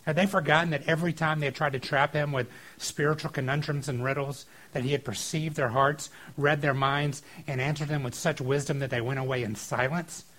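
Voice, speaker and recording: A man preaching a casual sermon on a scripture passage, informal and animated, breaking into acted-out quotes. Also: a little high, fairly quick, few pauses, poor audio. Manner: informal and animated, acting out quotes with filler likes.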